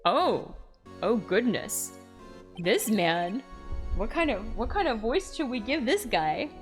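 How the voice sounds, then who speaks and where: Young female streamer, playful live game commentary, lively intonation, unhurried delivery. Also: on the high side, faint music behind. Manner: giggly, playful, animated.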